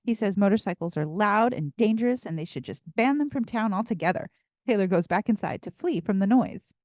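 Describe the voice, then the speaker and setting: Lively woman recapping a show. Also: medium pitch, a little fast, dry recording, clean studio sound. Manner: laughing, animated storytelling. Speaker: podcast co-host. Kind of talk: casual recap chat.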